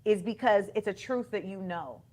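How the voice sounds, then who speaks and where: A woman in a conversational discussion, explaining her view in a deliberate way. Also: mid-range voice, darkish tone.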